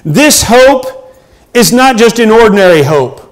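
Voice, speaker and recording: A middle-aged male pastor delivers a sermon in an earnest, emphatic way. His voice sits notably high. He pauses and hesitates often between his points. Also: animated.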